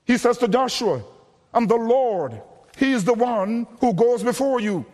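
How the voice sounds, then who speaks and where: Male preacher, sermon, high voice, deliberate, repeats phrases, long hall reverb. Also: animated. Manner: deliberate, repeats key phrases, drops low and quiet for emphasis.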